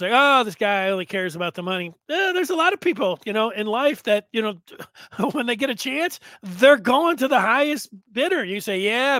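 A man hosting a sports talk show, rambling in a casual monologue with sudden loud bursts. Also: high voice, no room sound.

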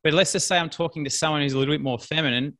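A man's voice: fairly high pitch, rapid-fire, pushed and bright. A man, a business coach, talking bluntly and emphatically in a casual interview, repeating his key points.

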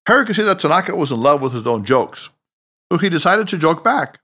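Expressive male audiobook narrator. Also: a little high, fairly quick. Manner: expressive, dramatic reading. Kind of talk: scripted storytelling narration.

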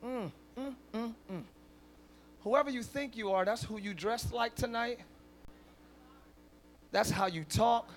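A man preaching a sermon as pastor at a live church service, swinging from soft conversational asides to loud shouted declarations with call-and-response. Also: very high voice, slow, pauses often. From northern United States.

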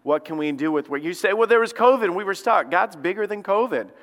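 A man's voice: high voice, lively intonation, fast talker, fairly bright tone. A man preaching a sermon as lead pastor, talking conversationally and acting out quotes. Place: church sanctuary. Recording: long church hall reverb.

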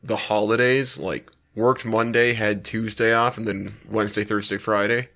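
A man co-hosting a casual comedy podcast, tired and hungover, giving low-key dry replies. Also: little pitch movement, moderate pace, bright, forceful tone. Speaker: podcast co-host.

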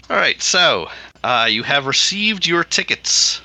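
A man hosting a tabletop role-playing podcast as the game master, relaxed and easygoing. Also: on the high side, dry recording.

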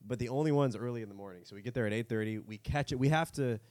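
A man co-hosting a casual podcast, spinning a long rambling anecdote. He laughs often and slips into quick mock voices. His voice sits at a middling pitch, recorded close and dry with no room sound. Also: darkish tone, no room sound. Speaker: podcast co-host. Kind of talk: casual chat.

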